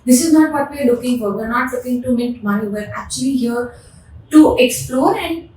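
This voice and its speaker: A woman with an Indian English accent speaks a bit high for a woman, answering questions with passion and emphasis. She repeats words as she presses her points. The sound is very echoey and picked up from a distance, with faint background noise. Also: brisk, a little mellow. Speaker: furniture designer, guest. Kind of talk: conversational interview answers.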